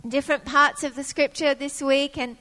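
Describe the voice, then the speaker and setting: A woman preacher delivers a sermon in a high voice. She tells personal stories and acts out what she once said. Her voice carries a long reverb from a large church hall. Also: steady tone, moderate pace, sharp tone. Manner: storytelling with acted-out quotes of her younger self.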